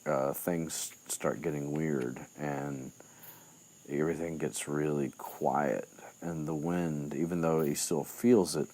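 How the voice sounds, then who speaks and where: Super low-voiced guy rambling thru a book recap, lots of ums and restarts. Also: a little mellow, slight background noise. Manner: rambling, many fillers and restarts. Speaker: podcast host.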